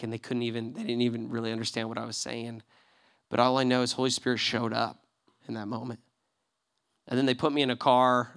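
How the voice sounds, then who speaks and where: A male pastor preaching, telling a personal story with lively acted-out dialogue that swings between loud excitement and hushed moments. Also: mid-range voice. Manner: animated storyteller acting out quoted voices, swinging from loud to hushed. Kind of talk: sermon storytelling.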